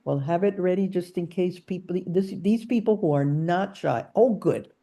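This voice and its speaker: A woman's voice: on the low side, moderate pace, mellow. A woman hosting an interview, eagerly inviting the audience to ask questions. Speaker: host.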